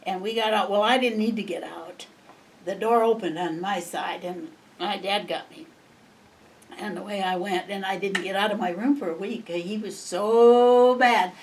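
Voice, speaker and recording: A woman's voice: medium pitch, fairly even intonation, moderate pace. Rambling older woman from Montana, off-mic. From Montana, USA. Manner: rambling, chuckling reminiscence. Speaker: interviewee. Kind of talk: oral history storytelling. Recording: distant mic, faint background noise.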